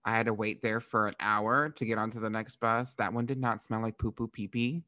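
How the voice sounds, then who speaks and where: A young man from Florida, a drag performer hosting a podcast, telling stories in a casual, animated way with frequent swearing and laughter. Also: lowish voice, brisk, no room sound. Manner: animated, profane, laughs often. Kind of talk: casual storytelling.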